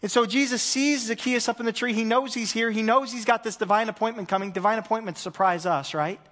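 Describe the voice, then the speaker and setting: A man, a pastor preaching a conversational sermon, swinging between loud emphasis and hushed moments. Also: high-pitched, steady tone, fast, in a large hall.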